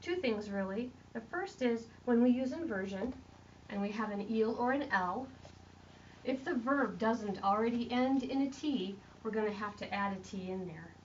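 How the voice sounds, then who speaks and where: A woman's voice: a little high, normal speed, a little hiss or hum. Woman teacher recorded from afar. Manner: explains step by step, writing on a board. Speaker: French teacher. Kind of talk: classroom grammar lesson. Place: classroom at a board. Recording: distant lo-fi classroom recording.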